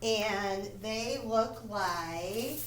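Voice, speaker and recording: A woman teaching a phonics lesson to first graders, slowly and patiently explaining each step and checking in with the children. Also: medium pitch, a bit bright, slight background noise.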